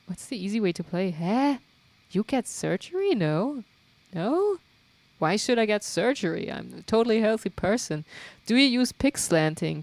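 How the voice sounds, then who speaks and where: A woman hosting a casual livestream, reading out viewer questions and answering in a chatty, thinking-aloud way, her pitch jumping up at times. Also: vocal fry, darkish tone, no room sound. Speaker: livestream host and guitarist.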